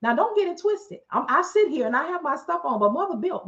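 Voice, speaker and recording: A woman telling a long story in a casual, animated way, acting out what other people said. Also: sits high, quick pace, few pauses. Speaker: storyteller host. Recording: muffled lo-fi recording.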